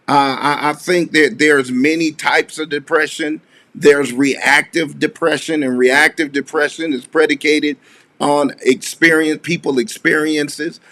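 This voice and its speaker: A man in an interview, speaking in a measured, explanatory way with some fillers. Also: fairly high pitch, pushed and bright. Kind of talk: interview discussion.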